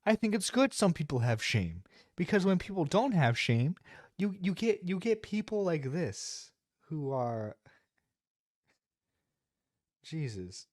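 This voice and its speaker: A man's voice: on the high side, sing-song, slow pace, pauses often, a little mellow, no echo, clean studio sound. A man reacting to a livestream clip, laughing and mocking crudely for his chat. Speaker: streamer reacting to clips. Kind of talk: reaction commentary.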